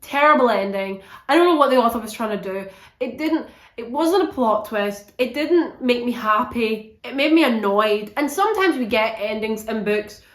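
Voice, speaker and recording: A young woman giving a casual, animated book review, swearing a lot and sounding exasperated. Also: fairly high pitch, normal speed, reverberant.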